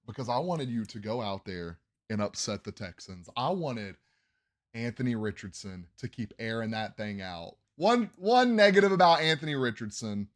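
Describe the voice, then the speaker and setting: A man hosting a casual sports podcast, ranting in bursts of loud hype and dropping to muttered asides, coughing when he yells. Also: medium pitch, normal speed. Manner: animated, swings between yelling hype and muttering asides. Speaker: podcast host.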